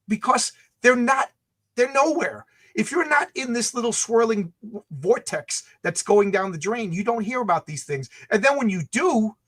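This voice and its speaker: Animated high-voiced ranting man. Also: moderate pace. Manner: animated, ranting, acts out quotes. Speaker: comic creator and channel host. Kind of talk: heated livestream conversation.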